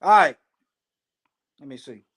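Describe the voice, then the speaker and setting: A man leading a live scripture study, reading verses aloud slowly and breaking off for casual, plain-spoken commentary. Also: fairly bright tone. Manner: slow, deliberate reading broken by casual asides. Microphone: phone.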